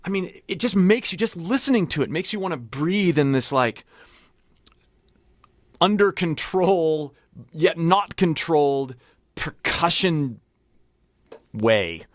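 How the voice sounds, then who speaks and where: A man talking through music he is listening to, explaining details and thinking out loud. His voice sits a bit high and swings widely in pitch. The sound is dry, with no room around it. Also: lively intonation, takes it slowly, long pauses, no echo. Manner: explanatory, thinks aloud, sings snippets to demonstrate. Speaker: host. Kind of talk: casual music analysis while listening.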